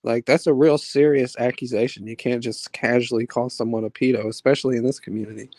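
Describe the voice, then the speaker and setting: A man with a soft voice chatting in a laid-back, slangy way on a live voice call. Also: mid-range voice, fairly even intonation, fast talker, no echo. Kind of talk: casual chat on a live voice call.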